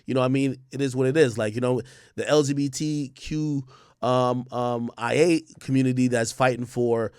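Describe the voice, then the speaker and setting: A man's voice: medium pitch, steady tone, normal speed, darkish tone, clean tone, no room sound, studio quality. A man giving casual livestream commentary, emphatic and profane, often repeating words and restarting sentences. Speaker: streamer and commentator.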